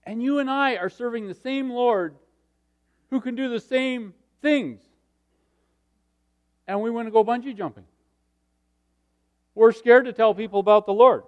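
Middle-aged male preacher, high-pitched, animated storytelling, quiet asides to loud peaks. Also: a little slow, pauses often, lo-fi sound. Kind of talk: sermon with personal stories.

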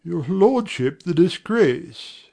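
A man voices a faithful, deferential butler who speaks with quiet formality. The tone is mellow and warm, pitched a little high for a man. It suits a respectful servant in an old stage play. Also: a little slow. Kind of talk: amateur audiobook drama reading.

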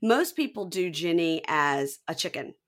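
A woman hosting a podcast in casual, animated chat, joking and doing silly voices. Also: fairly low pitch, measured pace. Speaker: podcast host.

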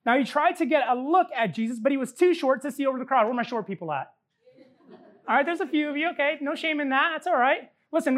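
Woman pastor, high voice, emphatic sermon delivery built on repetition, quick humorous asides. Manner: emphatic preaching with repeated phrases and joking asides.

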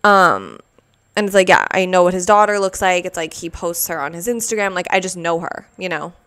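A woman telling a personal story in a casual, animated way, full of "like" fillers, as a podcast host. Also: lowish voice, brisk, clean tone.

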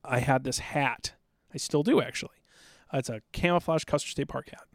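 A man's voice: medium pitch, fairly quick, gravelly, dry recording, studio quality. A middle-aged man from South Dakota, a podcast guest telling stories in an intense, amped-up, blunt and profane way. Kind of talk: casual storytelling.

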